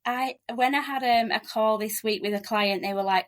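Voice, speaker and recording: A middle-aged woman from Leeds with a strong Yorkshire accent, chatting quickly and cheerfully as a podcast guest. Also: medium pitch. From Leeds, West Yorkshire, England. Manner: quick-talking, chatty, laughs often. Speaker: podcast guest, relocation agent. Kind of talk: casual interview chat.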